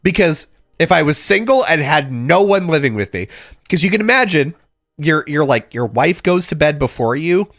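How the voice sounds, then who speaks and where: A man co-hosting a podcast, his pitch a touch high and his delivery lively and animated as he jokes around with goofy voices and sound effects. The sound is dry and close, with faint music underneath. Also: normal speed, no echo. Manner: jokey, riffs with silly voices and sound effects. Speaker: podcast co-host. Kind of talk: casual chat.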